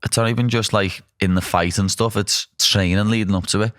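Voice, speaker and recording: A man's voice: on the low side, fairly even intonation, a little fast, a bit bright, dry recording, clean studio sound. A young man with a Liverpool accent hosting a casual chat, blunt and self-deprecating. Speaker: podcast host.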